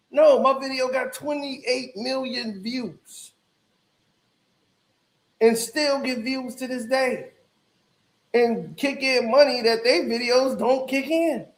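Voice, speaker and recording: A man's voice: very high-pitched, slow, echoey room. A man talking casually and boastfully, laughing at his own claims. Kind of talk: casual bragging talk.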